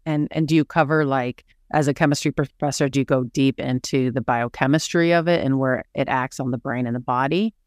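A man's voice: medium pitch, steady tone, a little fast, hardly any pauses, clear, resonant tone, no echo. Male host, mid-range voice, engaged interviewer with follow-up questions, dry close recording. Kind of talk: casual interview talk.

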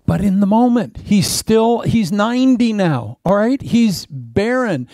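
A man preaching a sermon as a pastor, swinging from loud emphatic lines to hushed, almost whispered prayer. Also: high-pitched, expressive, unhurried, creaky, dry recording.

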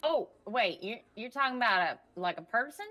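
A bubbly, scatterbrained young woman, played in a roleplay game by a woman with a bright, ringing voice. She chatters on cheerfully and keeps losing the end of her sentences. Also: a little high, expressive, normal speed. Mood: airy chatty. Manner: bubbly, wandering, trails off mid-sentence. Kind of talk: in-character roleplay chat.

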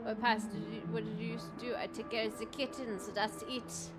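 Woman streamer over loud game music. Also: fairly high pitch, fairly even intonation, fairly quick, hardly any pauses. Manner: chatty, swearing, thinking aloud as she plays. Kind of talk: gameplay commentary.

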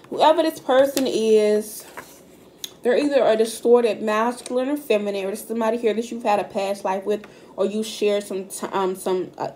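A woman's voice: medium pitch, darkish tone, a little hiss or hum. A woman giving a casual tarot reading straight to camera. She is blunt and profane and talks directly to her viewers. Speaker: tarot card reader. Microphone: camera mic.

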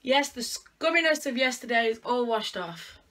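A young British woman vlogs casually from home, chatting and thinking aloud with self-mocking humor as she does her hair. Her voice sits on the high side, with lively intonation at a normal speed, and sounds pushed and bright.

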